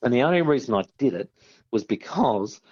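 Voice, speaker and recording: Aussie bloke spinning a yarn, doing voices, kinda muffled lo-fi sound. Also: male voice, mid-range voice, a little fast, slight background noise. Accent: Australian. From Australia. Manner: animated storyteller, acting out voices, laughing. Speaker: guest. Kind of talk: storytelling anecdote.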